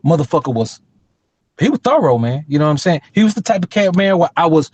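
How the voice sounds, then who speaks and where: A man's voice: a little high, very animated, fast, a little mellow, husky, no room sound, lo-fi sound. A middle-aged man telling a street story in a casual, profane, emphatic way as a podcast co-host.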